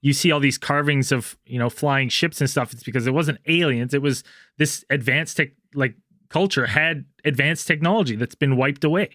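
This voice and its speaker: A man's voice: medium pitch, moderate pace, a bit bright, no room sound. Podcast guy telling a wild theory he heard, lots of uh and like, dry sound. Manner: relaying ideas with many fillers. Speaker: podcast co-host. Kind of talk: casual chat.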